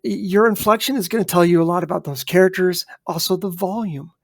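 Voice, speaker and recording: A man's voice: sits high, brisk, creaky, dry recording, studio quality. A man co-hosting a podcast in casual chat, emphatic and addressing listeners directly. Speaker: podcast co-host.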